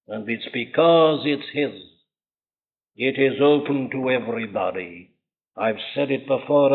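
A preacher delivers an impassioned sermon, his high voice swinging between fervent peaks and quiet intensity. The sound is dull and lo-fi, an old archival recording made in a large church. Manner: impassioned, rising and falling emphasis.

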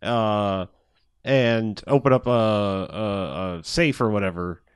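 A man's voice: on the low side, slow pace, clean tone, no room sound, studio quality. A man on a podcast recapping a movie in casual chat, rambling, swearing often and laughing as he retells scenes. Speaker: podcast co-host.

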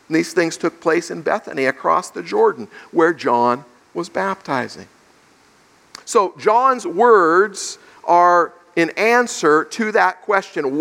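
A man's voice: sits high, animated, measured pace, vocal fry, a bit bright. A male pastor giving an expository sermon, explaining scripture verse by verse and acting out the questions of its characters. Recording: long reverb of a large hall.

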